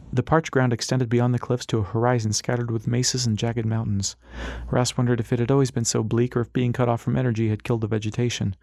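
A man reading an audiobook in steady, measured scripted narration. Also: medium pitch, no echo, clean studio sound.

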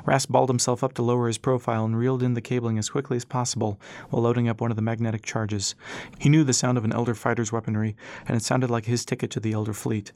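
A man reading an adventure novel aloud as narrator in a steady storytelling manner. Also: mid-range voice, fast, dry recording. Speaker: audiobook narrator. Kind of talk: scripted narration.

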